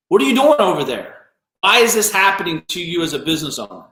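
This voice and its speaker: A man's voice: sits high, bright, forceful tone. Blunt, scolding man in an echoey room. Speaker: business owner. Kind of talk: motivational live-stream rant.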